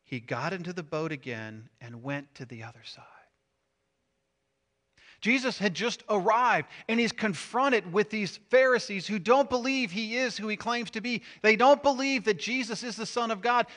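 Middle-aged male pastor, lively sermon delivery, bright forceful tone, slightly high voice, big swings between loud and hushed. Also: normal speed. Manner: animated, swings from loud emphasis to hushed asides.

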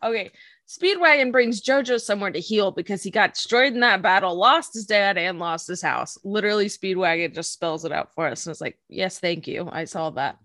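A woman's voice: medium pitch, expressive, fairly quick, a bit bright, dry recording. A woman co-hosting a podcast in casual chat, giggling often and acting out quotes in silly voices. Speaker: podcast co-host. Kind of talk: casual chat recapping an anime episode.

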